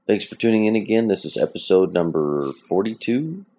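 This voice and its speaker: A man's voice: lowish voice, expressive, normal speed, mellow. A man hosting his own podcast from home, talking in a chatty, plainspoken, rambling way. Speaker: podcast host. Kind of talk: casual solo podcast talk.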